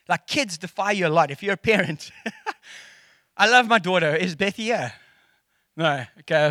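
Man, South African accent, middle-aged, high voice, jokey casual preaching, acts out quotes. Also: no room sound, clean studio sound. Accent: South African English. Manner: animated and jokey, acting out quotes. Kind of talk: casual sermon.

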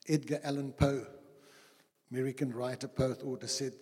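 A male pastor delivers a dramatic sermon, slowing down for solemn quotes and picking up speed in anecdotes. His voice is husky, and a long reverb trails after each phrase in the church hall. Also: mid-range voice, expressive.

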